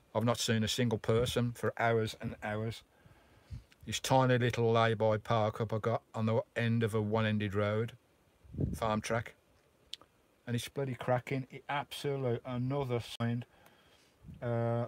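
A Welsh man from Wales, chatting casually on a live stream and greeting viewers as mate and bro from his camper van. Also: medium pitch. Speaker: vlogger hosting a live stream. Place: inside his camper van in a remote valley.

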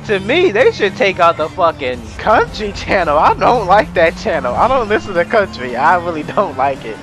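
A young man casually commenting on his own gameplay, rambling and profane, breaking into excited shouts. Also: sits high, normal speed. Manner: rambling, profane, bursts into excited yelling and laughter. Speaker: gamer narrating his gameplay. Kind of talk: casual let's-play commentary. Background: game music and sounds.

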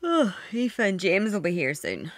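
A woman's voice: mid-range voice, huge pitch swings, unhurried, no echo, studio quality. Woman doing a gushing, nosy girl. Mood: casual. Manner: eager and gushing. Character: young woman, chatty and nosy flatmate.

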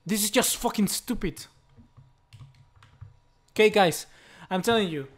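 A young man commentates his own game with a high, bright voice. He is excitable and quick to curse, often yelling straight at the screen. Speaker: gaming YouTuber.

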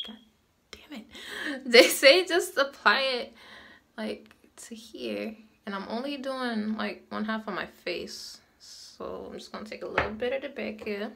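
A woman's voice: mid-range voice, vocal fry, a little hiss or hum. A woman chatting casually through a get-ready-with-me vlog, candid and laughing often, swearing freely, recorded at home on a phone. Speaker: beauty vlogger. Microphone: phone camera.

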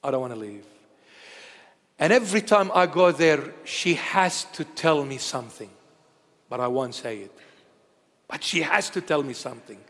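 A man of Assyrian heritage preaching a sermon, telling stories in an animated way that swings between loud declarations and hushed asides. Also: on the high side, moderate pace, long reverb tail.

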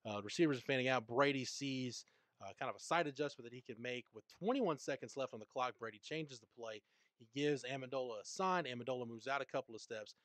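A man with a mid-pitched voice steadily walks through a football play on a podcast. He reads quotes aloud and explains them. The studio sound is dry and close. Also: fast talker, fairly bright tone, no room sound. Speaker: podcast host. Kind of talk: casual sports talk.

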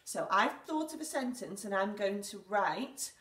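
A woman with an English accent teaching a recorded lesson for young children, clear, patient and encouraging. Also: medium pitch, expressive, a little slow, few pauses, fairly bright tone, distant mic. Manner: clear, patient and encouraging, reads story lines aloud with emphasis. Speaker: primary school teacher. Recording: echoey room, speaker away from the mic.

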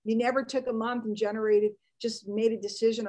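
A woman business coach, giving a chatty, animated live online training. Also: on the high side, fairly quick, low-quality recording.

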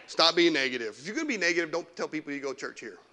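A man preaching a lively sermon as pastor in a church, teasing the congregation and mocking whiny complainers. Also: fairly high pitch, rapid-fire. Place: church sanctuary.

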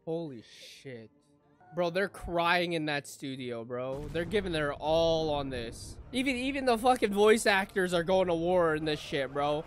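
Excitable man swearing through a reaction. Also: on the high side, measured pace, faint music behind. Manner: excitable, profane, swings from shouting to hushed. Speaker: anime reaction streamer. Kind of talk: live reaction commentary.

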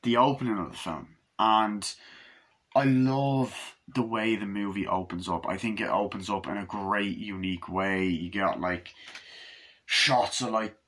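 A man talks through a movie in a loose, rambling way, with a fairly low voice. He swears casually and keeps breaking into quick, higher voices to act out the scenes. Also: fairly bright tone. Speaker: film reviewer.

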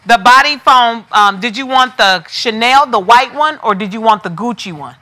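A woman's voice: fairly high pitch, animated, normal speed, bright, forceful tone. A woman hosting a live online sale. She talks in a chatty, familiar way, calls viewers by name and repeats prices eagerly. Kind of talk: live shopping sales pitch.

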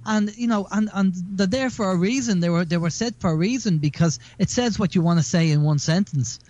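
A man's voice: high-pitched, fairly quick, darkish tone, dry recording, dull audio. A man hosting a radio show, chatting casually and rambling through stories with repeated words.

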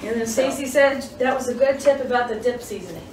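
High-voiced woman reading viewer comments. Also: quick pace. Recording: roomy, distant mic, background hiss.

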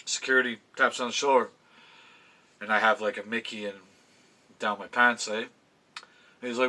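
Speaking in a low-ish, steady, sharp-toned voice at normal speed, with frequent pauses, this middle-aged vlogger gives NFL picks. He rambles to camera in a home room decorated with fan memorabilia, chatty, self-interrupting, full of restarts and casual swearing.

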